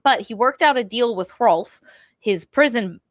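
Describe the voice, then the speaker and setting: A woman's voice: on the high side, lively intonation, unhurried, no room sound, clean studio sound. A woman co-hosting a book podcast, retelling the plot casually in a rambling way and dropping into mock voices for the characters. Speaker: podcast co-host. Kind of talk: casual book-review chat.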